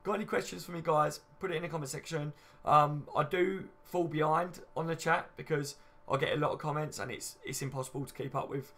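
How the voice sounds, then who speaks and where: A man's voice: a little high, steady tone, brisk, fairly bright tone. A man in his late twenties hosting a casual fan livestream, chatty and matey, reading out viewer comments and swearing freely. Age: late 20s. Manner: chatty, matey, swears casually, says "you know what I mean" a lot. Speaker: fan channel livestream host.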